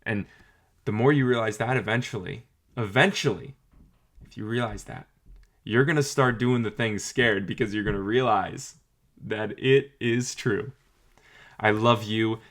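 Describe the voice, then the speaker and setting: A man's voice: fairly low pitch, measured pace, long pauses, fairly bright tone. A young adult man giving an earnest, encouraging talk to camera, often repeating phrases for emphasis. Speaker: motivational vlogger.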